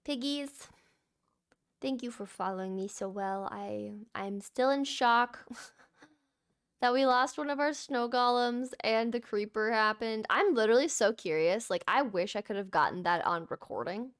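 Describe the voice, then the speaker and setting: A young woman giving relaxed, chatty commentary over her gameplay, easily surprised and cooing at the animals. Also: a little high, unhurried, smooth. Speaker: gaming channel host. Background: soft background music.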